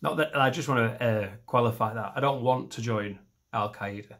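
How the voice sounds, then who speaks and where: A comedian in his thirties rambles through a stand-up routine, poking fun at himself. His voice sits at an ordinary middle pitch, and he breaks into loud, high voices to act out the scenes he imagines. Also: normal speed, slight background noise. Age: 30s. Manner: rambling and self-mocking, jumping into shouted voices for imagined scenes. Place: comedy stage.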